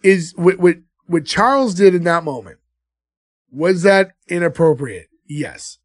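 A man's voice: high-pitched, lively intonation, a little slow, no echo, studio quality. A man co-hosting a casual movie podcast, retelling scenes and laughing often. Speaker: podcast co-host. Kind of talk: casual movie-review chat.

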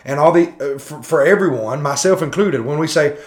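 A man's voice: fairly high pitch, fairly quick, hardly any pauses. A man in his thirties giving an earnest, preacherly commentary on a sermon, full of rhetorical questions. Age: 30s. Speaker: podcast host.

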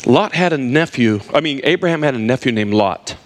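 A man's voice: medium pitch, lively intonation, fairly quick. A man preaching a sermon, emphatic and repeating words for stress while he talks straight to his listeners.

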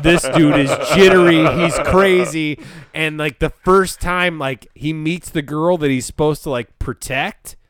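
A man co-hosting a casual podcast, retelling scenes with excited, profane storytelling. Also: on the high side. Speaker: podcast co-host. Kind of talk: casual chat.

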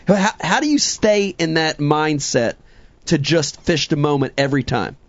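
A man's voice: on the high side, animated, normal speed, no room sound, dull audio. A man hosting a casual interview chat, eager and repeating words as he starts his questions. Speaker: podcast host.

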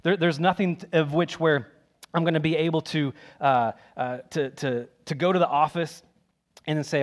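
A man's voice: on the high side, normal speed. A man preaching a sermon in an emphatic, conversational way, repeating key phrases.

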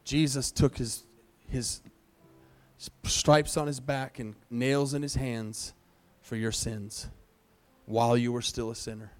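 A pastor leading an altar call during a church service, speaking earnestly with pleading, repeated phrases. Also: male voice, medium pitch, a little mellow, clear, resonant tone.

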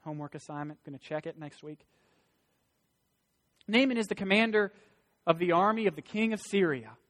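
High-voiced emphatic male preacher in a hall. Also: animated, moderate pace. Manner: emphatic, rising to loud stresses; folksy asides. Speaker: pastor. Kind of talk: sermon. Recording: long hall reverb.

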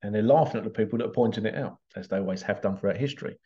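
A man's voice: on the low side, very fast, warm tone, muffled recording. An Englishman hosting a podcast in a casual solo monologue, rambling and digressive with frequent chuckles. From England. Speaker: podcast host.

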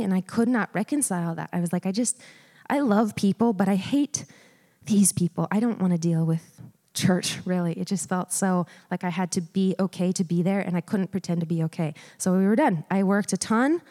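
A woman's voice: mid-range voice, mellow. A woman in her thirties giving a personal testimony in church, chatty and storytelling, full of "like" and "um". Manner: storytelling, conversational with frequent "like" and "um". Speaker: guest speaker. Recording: long hall reverb.

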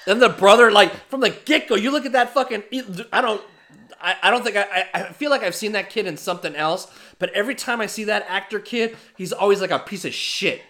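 Bright-voiced, foul-mouthed man on a podcast. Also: sits high, brisk. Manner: profane, animated storyteller. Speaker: podcast co-host. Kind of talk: casual podcast chat.

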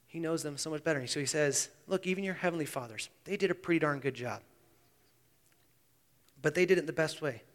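A man preaching a sermon as pastor. He swings between hushed, intense passages and loud, animated emphasis. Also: on the high side, fairly quick, pauses often. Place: church sanctuary. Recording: long church reverb.

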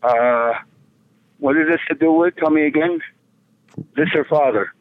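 A man's voice: a little high, unhurried, dry recording. A man answering a prank call, wary, evasive and curt with the caller. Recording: tinny phone line.

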